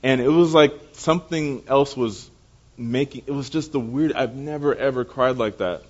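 A young man preaching as a pastor, telling personal stories in a lively way and acting out the people in them. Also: mid-range voice, normal speed. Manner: animated storyteller, acting out voices. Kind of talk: storytelling sermon. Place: church service. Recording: dull lo-fi recording.

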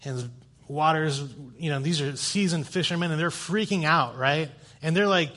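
Guest preacher, male, fairly high voice, relaxed storyteller with a sense of humor. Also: fairly quick. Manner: conversational, animated storytelling with self-deprecating humor. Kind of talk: sermon. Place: church sanctuary.

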